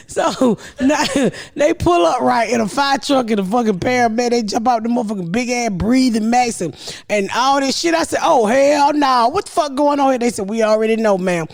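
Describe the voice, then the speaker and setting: A middle-aged woman hosting a comedy podcast, telling a story loudly and profanely and acting out her own shouted lines. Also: a little high, normal speed, vocal fry. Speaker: podcast host.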